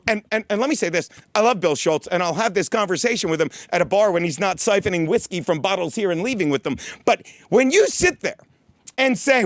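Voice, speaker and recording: A man's voice: sits high, big pitch swings, moderate pace, a bit bright, no room sound, studio quality. A middle-aged man hosting a podcast from his desk, tipsy on whiskey, ranting in a heated, rambling, profane way and spelling words out letter by letter. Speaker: podcast host. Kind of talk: profane comedic rant. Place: studio desk.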